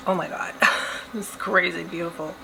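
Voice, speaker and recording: A woman's voice: on the low side, moderate pace, vocal fry, a little hiss or hum, rough recording. A young woman chatting casually while doing her makeup, telling a story with lots of giggles and quoted voices. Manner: chatty, giggly, animated retelling. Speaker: beauty vlogger.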